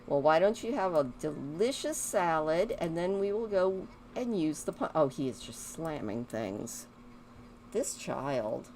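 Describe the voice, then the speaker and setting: A woman's voice: low-pitched, sing-song, unhurried, darkish tone, slight background noise. A woman giving casual commentary while she plays a life-sim game, chatting to her characters and rambling about music. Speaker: gaming video host.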